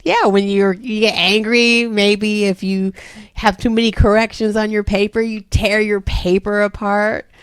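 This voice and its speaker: A woman's voice: mid-range voice, little pitch movement, a little slow, clear, resonant tone, no room sound, studio quality. A woman in her thirties, a homeschooling mother, patiently explaining a phonics lesson to her children step by step.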